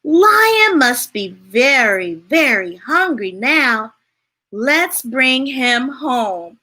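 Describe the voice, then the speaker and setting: A woman reads picture books to children at a very slow, careful pace. Her voice sits high and swoops up and down as she plays along with the story. She keeps it playful and asks the little listeners questions. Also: big pitch swings, sharp tone. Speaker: storytime reader.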